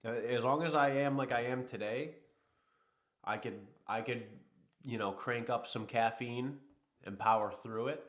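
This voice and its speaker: A man's voice: medium pitch, a little slow, a bit bright. A man hosting a livestream, chatting casually and rambling while a little sick. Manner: rambling, easygoing, talks to chat. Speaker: livestream host.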